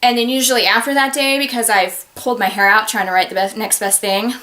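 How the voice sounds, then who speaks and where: Woman author, higher-pitched voice, expressive and chatty, speaking to camera at home. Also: fast talker. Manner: animated and expressive, with sudden loud exclamations. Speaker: author giving advice. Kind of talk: casual talk to camera. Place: home office.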